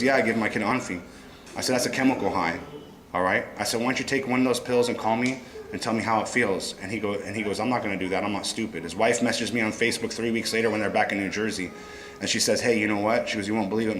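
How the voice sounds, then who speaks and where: A man's voice: on the low side, a little hiss or hum. A man giving an impassioned talk at a conference, telling stories and acting out the dialogue himself. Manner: animated storytelling, acting out dialogue. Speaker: conference speaker. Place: conference room. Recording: echoey room with faint ambience.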